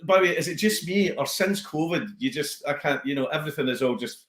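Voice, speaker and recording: A Scottish man, a comedian, chatting casually on a podcast as an animated storyteller who slips into voices. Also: fairly high pitch, fairly quick, reverberant. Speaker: comedian guest.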